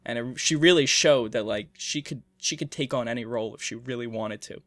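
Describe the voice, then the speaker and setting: A man's voice: medium pitch, fairly quick, fairly bright tone, no room sound. A man co-hosting a podcast, chatting about films casually, swearing and laughing often. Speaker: podcast co-host. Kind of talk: casual film discussion.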